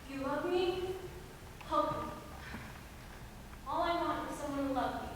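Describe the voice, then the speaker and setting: A woman's voice: high voice, unhurried, noisy background. A woman playing a panicked young bride. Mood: desperate. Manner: desperate, pleading. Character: frightened young bride begging her father. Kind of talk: stage play acting. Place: theater stage. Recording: roomy hall, from far off.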